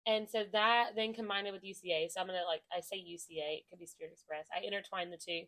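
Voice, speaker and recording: A woman's voice: on the low side, steady tone, fast, fairly bright tone. A young woman co-hosting a casual podcast and answering questions about her cheer coaching, talking in an upbeat, chatty way with lots of "like" fillers and frequent laughs.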